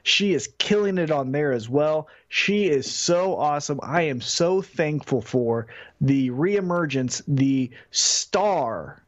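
A man co-hosting a casual wrestling podcast, speaking in a measured, deliberate way. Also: on the high side, lively intonation. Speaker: podcast co-host. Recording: dull lo-fi audio.

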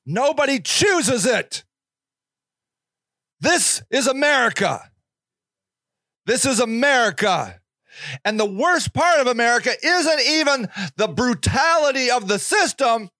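A man's voice: very high voice, big pitch swings, takes it slowly, pauses often, sharp tone, dry recording. A man hosting a podcast, delivering a passionate, sarcastic and indignant monologue. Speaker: podcast host. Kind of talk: ranting monologue.

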